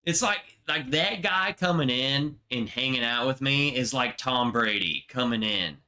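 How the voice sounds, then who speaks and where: A man hosting a casual livestream chat, telling a story in a slow, emotional, slangy way, close to tears. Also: mid-range voice, animated, sharp tone. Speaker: livestream host.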